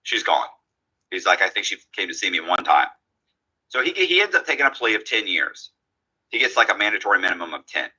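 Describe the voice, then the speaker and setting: A man's voice: on the low side, a little fast, slightly rough, low-quality recording. A man telling a long story in a casual way, acting out the lines of the people in it. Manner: animated, acts out quoted dialogue.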